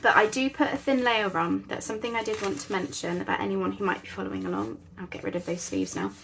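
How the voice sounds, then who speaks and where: A woman's voice: mid-range voice, expressive, fast talker, gravelly, noisy background. A woman hosting a casual craft tutorial, chatting in a rambling, self-deprecating way at her craft table at home. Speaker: crafting channel host.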